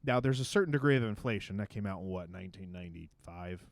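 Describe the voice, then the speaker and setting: Animated, ranting male podcast co-host. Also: deep voice, quick pace, vocal fry, dry recording. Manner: ranting, argumentative, profane. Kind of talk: casual comedy chat.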